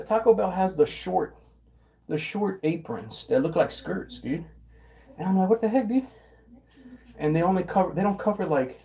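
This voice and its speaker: A young man casually telling a rambling story about his old job, often restarting words and clearing his throat. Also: a little high, warm tone, muffled recording. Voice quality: occasional throat clearing and coughing. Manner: rambling, repeats words and restarts, mimics coworkers in quotes. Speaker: vlogger.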